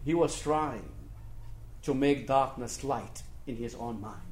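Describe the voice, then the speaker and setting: A man's voice: a little high, animated, a little slow. Emphatic male preacher in an echoey room. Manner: swings between quiet and forceful emphasis; repeats key phrases for stress. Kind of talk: sermon.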